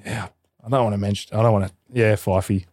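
A man's voice: fairly low pitch, steady tone, fast, darkish tone, no room sound, clean studio sound. A man with an Australian accent, a guest in a casual chat, joking and rambling.

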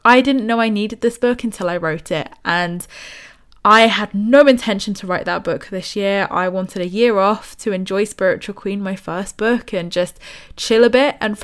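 A woman's voice: mid-range voice, clear, resonant tone. Chatty, enthusiastic young woman. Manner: chatty, enthusiastic, acts out quoted voices. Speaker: spiritual author and podcast host. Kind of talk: casual motivational talk.

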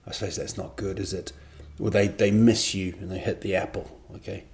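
Man, lowish voice, comedian, solo podcast chat, rambling, self-mocking, digressive. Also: fairly even intonation, brisk, darkish tone. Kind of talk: casual solo podcast monologue.

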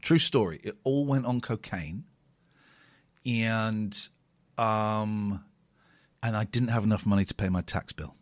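Speaking at a fairly low pitch and measured pace, pausing often over a little background hiss or hum, a British man in his forties reacts live on stream to old videos of himself. He's casual, jokey and sardonic, rambling and repeating himself.

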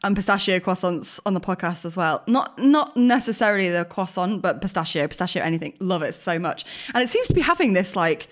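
A woman's voice: lowish voice, expressive, brisk, hardly any pauses. A young woman chats on her podcast in a loose, rambling way. She laughs easily and pokes fun at herself as she tells stories. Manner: chatty, self-mocking, laughs often. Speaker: podcast co-host. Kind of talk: casual chat.

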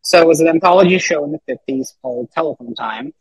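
Male podcast guest, husky, a touch high, rambling casual delivery with restarts. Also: quick pace, dry recording, low-quality recording. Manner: rambling, many fillers and restarts. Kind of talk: casual chat.

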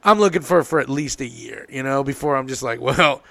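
A man's voice: medium pitch, a little fast, creaky, sharp tone. A man co-hosting a podcast, trading crude jokes in casual banter. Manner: joking, crude quips. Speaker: podcast co-host.

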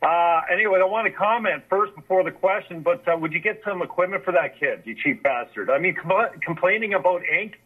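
A man's voice: sits high, expressive, brisk, hardly any pauses, breathy edge. Man on a tinny phone line. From Canada. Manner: teasing, profane, rambling. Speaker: caller. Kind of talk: casual call-in chat.

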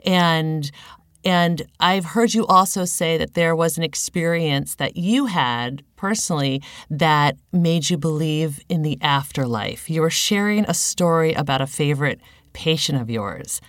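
A woman podcast host asking an interview guest gentle, probing questions. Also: low voice, unhurried, no room sound, clean studio sound.

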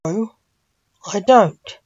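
A woman reading the lines of a stern, overworked male Reaper father in a curt, gruff manner, on a dull recording. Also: medium pitch, extremely slow, darkish tone.

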